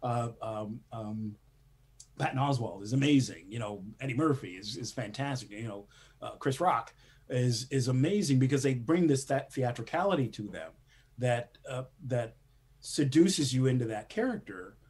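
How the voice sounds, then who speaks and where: A man who is a screenwriter, speaking as a guest in a casual interview and telling lively stories with acted-out quotes and frequent laughter. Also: mid-range voice, normal speed, slightly rough. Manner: animated storyteller, acts out quotes, laughs often.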